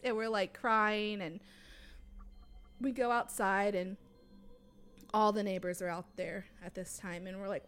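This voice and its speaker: A young woman casually recounting a scary night to friends, animated and full of fillers, swearing freely. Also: medium pitch, measured pace, pauses often, clean tone. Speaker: storyteller. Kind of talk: casual chat.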